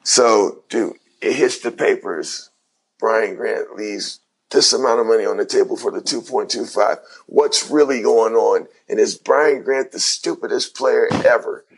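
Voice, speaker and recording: A man's voice: medium pitch, measured pace, slightly rough. A middle-aged man from Ohio, a former pro basketball player, telling a story in casual slangy talk. He acts out the voices of the people in it. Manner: animated retelling with quoted dialogue, slangy.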